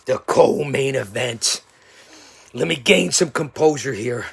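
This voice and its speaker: A man cuts a theatrical wrestling-style promo as host, his voice gravelly and husky. He bounces between bellowing hype and low, menacing near-whispers. His pitch leaps all over the place. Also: big pitch swings, takes it slowly, long pauses, no echo. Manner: theatrical, swinging from yelling to hushed threats. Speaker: show host.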